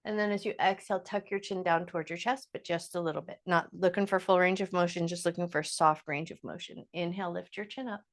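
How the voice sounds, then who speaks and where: A woman yoga instructor leading a guided chair yoga class, giving gentle step-by-step cues in a calm, casual way. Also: lowish voice, fast, few pauses. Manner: casual, with fillers like "like" and "just".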